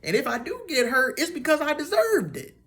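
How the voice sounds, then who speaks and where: A young woman vlogger telling a story about a dream in a chatty, animated way, with many fillers and restarts. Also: high voice, brisk. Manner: acts out her own and others' lines in quotes.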